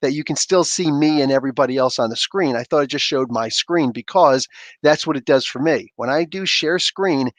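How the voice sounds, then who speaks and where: A man hosting a casual livestream, reading chat aloud and chatting in an animated way with frequent laughter. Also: medium pitch, moderate pace, no echo. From Canada. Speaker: livestream host.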